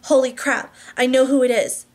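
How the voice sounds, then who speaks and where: A woman's voice: sits high, flat delivery, normal speed, a little mellow. A woman reading a romance novel aloud, with frequent restarts and slips. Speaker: audiobook reader.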